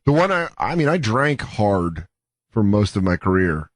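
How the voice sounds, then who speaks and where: Joking around as co-host of a comedy talk show, a man animatedly imitates the people he quotes. His voice is lowish at a normal speed, and the recording is dry.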